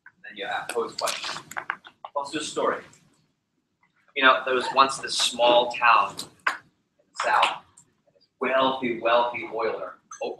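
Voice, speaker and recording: An energetic man coaching a room on public speaking. His voice is bright and forceful, and it echoes off the walls of an indoor training room with faint ambience in the background. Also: mid-range voice, slight background noise. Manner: energetic, quizzes the audience. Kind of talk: training seminar talk.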